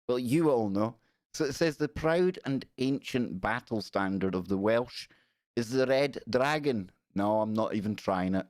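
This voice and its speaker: A man's voice: mid-range voice, no room sound, clean studio sound. A man from the United Kingdom hosting a live-stream show in a casual, jokey way, reading out viewer comments as he goes. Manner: animated, chatty, jokey, reads out viewer comments. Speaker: podcast host.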